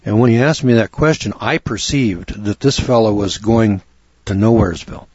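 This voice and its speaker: A man telling a folksy, animated story in a lecture, acting out both sides of a conversation. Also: lowish voice, moderate pace, breathy edge, dry recording, muffled recording. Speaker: speaker on law and scripture.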